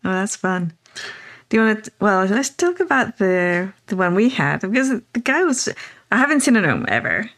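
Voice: medium pitch, very animated, normal speed, fairly bright tone. A podcast co-host in casual conversation, mostly listening and backing up the other speaker with short affirmations. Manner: supportive listener, frequent affirmations.

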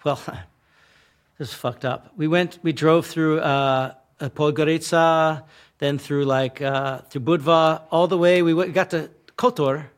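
Laughing storyteller man, voice on the high side. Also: steady tone, unhurried. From United States. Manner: laughs often while telling the story, swears casually. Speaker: guest telling travel stories. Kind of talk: casual storytelling.

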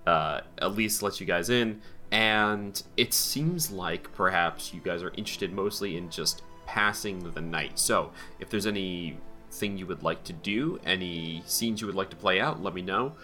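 Deep-voiced man running a tabletop game. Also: unhurried, soft background music. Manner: relaxed, rambling narration with frequent fillers. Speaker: game master.

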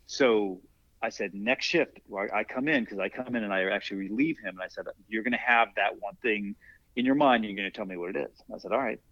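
A man's voice: fairly low pitch, a little fast, no echo. Older man telling stories, dry lo-fi sound. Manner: animated storyteller acting out quoted dialogue. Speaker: interview guest, masters athlete and former firefighter. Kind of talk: casual storytelling in an interview. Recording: dry, dull lo-fi podcast audio.

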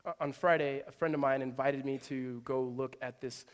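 A man in his thirties preaching a sermon, telling lively personal stories with humorous asides. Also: mid-range voice, moderate pace. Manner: animated storytelling with asides and self-deprecating humor. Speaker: pastor. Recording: long reverb of a large hall.

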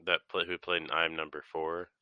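A man in casual chat about a TV show, low-key and hesitant, talking from a dorm room. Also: little pitch movement, fairly quick, clear, resonant tone, dry recording, muffled recording.

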